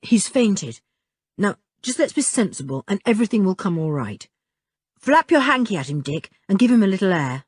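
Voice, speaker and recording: A woman reading an audiobook, voicing a sensible older boy who speaks gently and steadily. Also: mid-range voice, very animated, normal speed, breathy edge, no room sound, studio quality. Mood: calm.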